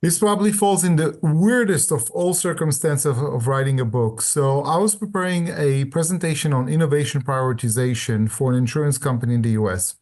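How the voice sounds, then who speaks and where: Animated older male storyteller. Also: fairly high pitch, fairly quick, hardly any pauses. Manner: animated storyteller, acts out dialogue. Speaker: guest author. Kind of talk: storytelling interview answers.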